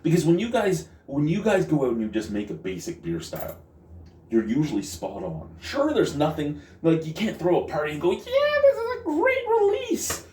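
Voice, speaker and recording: Man, casual beer review rant, exasperated, cursing, lively swinging pitch, echoey room, off-mic. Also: fairly quick, distant mic, a little hiss or hum. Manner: exasperated, swearing, repeating himself.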